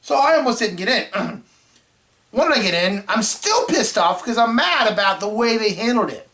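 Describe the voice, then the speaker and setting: Rambling male movie-show host, throat-clearing. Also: high-pitched, lively intonation, moderate pace, bright, forceful tone. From Florida. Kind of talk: casual chat.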